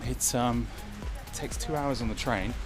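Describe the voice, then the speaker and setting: An English vlog host walks along a beach, delivering a rambling, opinionated monologue in a casual walk-and-talk style. His medium-pitched voice is a little slow and plays over music.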